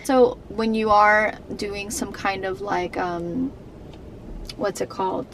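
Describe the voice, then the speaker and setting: Young woman, vlogger, candid storytime, rambling, emotional, medium pitch. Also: fairly even intonation, slow pace, fairly bright tone, a little hiss or hum, poor audio. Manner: emotional, rambling, many fillers and restarts.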